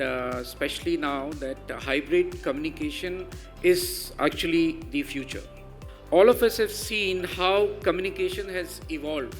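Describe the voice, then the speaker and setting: A man with an Indian English accent giving a measured, emphatic conference talk. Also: on the high side. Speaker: panel speaker.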